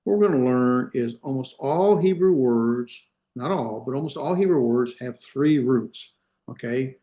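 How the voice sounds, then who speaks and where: A man's voice: mid-range voice, animated, a little slow, warm tone. A man teaching an online grammar class, explaining step by step and often stopping to check that his students are following, heard over a video call. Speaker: Hebrew grammar instructor.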